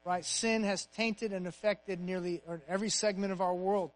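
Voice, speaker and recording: A male pastor preaching a sermon, punching key phrases and dropping to a soft, hushed voice in prayer. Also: sits high, fairly even intonation, moderate pace, poor audio.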